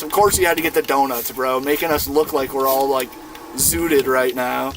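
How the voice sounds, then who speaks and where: A man's voice: fairly high pitch, a little fast, noisy background. Laid-back profane young guy streaming. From Iowa, USA. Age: 20s. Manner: laid-back, profane, rambling with lots of fillers. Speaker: gaming streamer. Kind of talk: casual storytelling while gaming. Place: inside a van.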